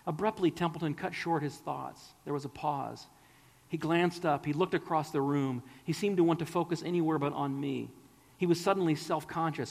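A man's voice: medium pitch, gravelly, big-room sound. A man preaching a sermon, earnest and pleading, sometimes dropping to a whisper.

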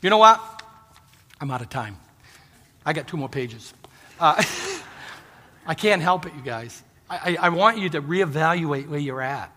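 A man's voice: fairly high pitch, bright, forceful tone. A middle-aged man preaching a sermon, telling stories and pleading earnestly with the congregation. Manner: storytelling, earnest pleading with laughs. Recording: long reverb of a hall.

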